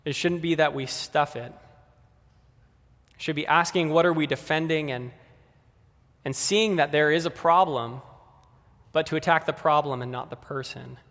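A man's voice: on the high side, moderate pace, long pauses, fairly bright tone. Man preaching in a reverberant hall. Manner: conversational, addressing kids and adults directly. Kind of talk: sermon.

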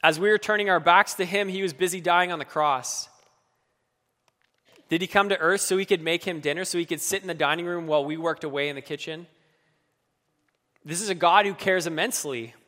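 A man delivers a sermon with a fairly high, bright voice and an earnest, personal tone. His words ring out with a long reverb, as in a large hall. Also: a little fast, pauses often. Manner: earnest, acts out quoted pleas with rising emotion. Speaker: preacher.

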